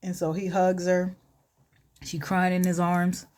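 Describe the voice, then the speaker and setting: Chatty woman with a lowish voice. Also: completely flat delivery, a little slow, a little mellow. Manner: chatty, filler-heavy, asides to herself while working. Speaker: vlogger and storyteller. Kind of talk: casual storytelling makeup tutorial.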